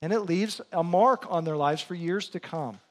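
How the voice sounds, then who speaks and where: A man's voice: high-pitched, normal speed. A middle-aged man preaching a sermon in a church, telling earnest, self-deprecating stories about family life. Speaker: pastor.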